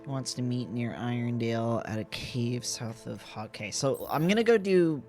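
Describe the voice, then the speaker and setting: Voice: medium pitch, lively intonation, moderate pace, darkish tone, soft background music. A game streamer with a Texan accent, swearing and joking sarcastically while playing. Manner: profane, sarcastic, laughing asides. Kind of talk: casual gameplay commentary.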